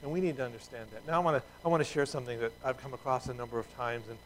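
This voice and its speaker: A man's voice: medium pitch, fairly even intonation, very fast, slight background noise, poor audio. A middle-aged man preaching a sermon in a conversational way, with asides and restarts and emphatic peaks. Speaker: pastor.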